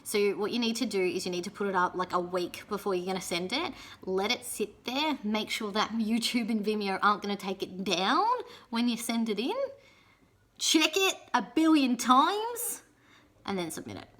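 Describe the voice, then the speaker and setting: A young woman giving chatty, casual advice in a vlog, often checking in with "yeah?" and filling pauses with "um". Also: medium pitch, fairly bright tone. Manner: chatty, frequent "yeah?" tag questions and ums. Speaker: pole and aerial competition vlogger.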